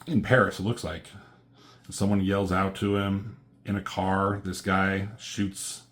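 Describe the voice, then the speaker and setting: A man's voice: sits low, level tone, measured pace, fairly bright tone. A man casually walking through a comic book in a review, rambling with lots of fillers and loose, profane slang.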